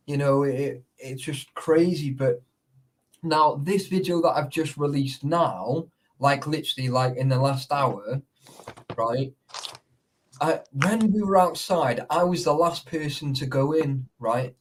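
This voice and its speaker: A man's voice: on the high side, takes it slowly, slight background noise, poor audio. A man chatting casually on a live stream, telling rambling stories full of fillers. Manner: rambling storyteller, many fillers. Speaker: urban explorer host.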